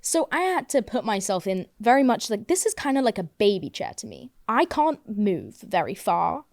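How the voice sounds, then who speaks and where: A woman's voice: mid-range voice, very animated, normal speed, creaky, no echo, studio quality. A young woman hosting a casual podcast from home, rambling, swearing a lot and poking fun at herself. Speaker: podcast host. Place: home, seated on couch.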